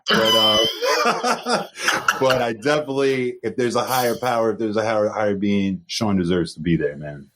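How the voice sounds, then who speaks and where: A man's voice: on the low side, brisk, a bit bright, a little hiss or hum. A young man co-hosting a podcast in casual news chat, earnest and repeating himself for emphasis. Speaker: podcast co-host.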